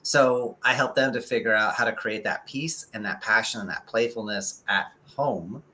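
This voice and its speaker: A man guesting on a live talk show with a bright, forward voice. He talks fast and excitedly, then pulls back and slows right down to make a point. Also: lowish voice, a little hiss or hum. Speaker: men's consultant guest.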